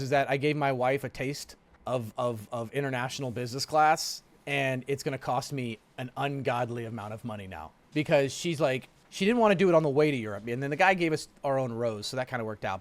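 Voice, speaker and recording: A stream host with a mid-range voice tells a story casually and animatedly, often restarting his sentences and repeating words. There is no room sound.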